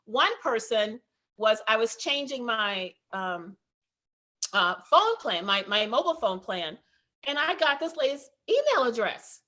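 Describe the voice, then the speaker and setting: A woman's voice: a little high, very animated, unhurried, sharp tone. A woman consultant earnestly sharing how a program is helping her on a team call. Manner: earnest, reflective. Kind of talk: call testimonial.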